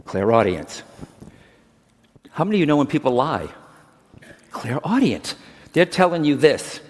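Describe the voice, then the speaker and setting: A man's voice: a little high, big pitch swings, unhurried. Middle-aged guy giving a chatty stage talk, voice swings up and down a lot, big hall reverb. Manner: chatty, keeps checking in with the crowd. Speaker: medium teaching a workshop. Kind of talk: conference talk to a live audience. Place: large conference hall.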